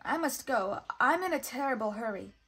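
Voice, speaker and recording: A woman's voice: a little high, lively intonation, moderate pace, fairly bright tone, breathy edge, heavily acted. A woman voicing a cheerful, naive wooden puppet boy in a storybook, polite and eager.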